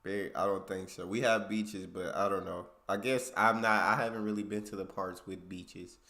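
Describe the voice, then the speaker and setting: American man, reaction host, low-pitched, easygoing chatty delivery. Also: normal speed. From United States. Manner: relaxed, conversational, slangy. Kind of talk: casual reaction commentary.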